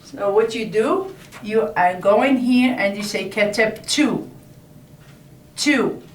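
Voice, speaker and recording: A woman teaching a language lesson, explaining slowly and repeating each word several times. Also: medium pitch, distant mic, a little hiss or hum. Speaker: Arabic teacher. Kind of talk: slow classroom explanation at a board. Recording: echoey room, voice from off-mic.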